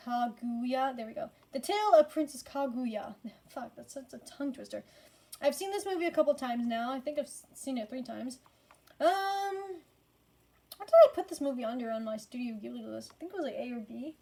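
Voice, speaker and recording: A woman's voice: high voice, animated, a little fast, creaky, dark tone. A tired woman casually ranking movies in a rambling, profane way, full of fillers and frequent swearing. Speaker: movie reviewer.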